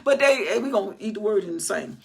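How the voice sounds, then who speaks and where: An older woman giving an informal, animated Bible teaching in a folksy way, acting out the scripture passages, her voice still recovering and a little worn. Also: mid-range voice, fairly quick, gravelly, slightly rough.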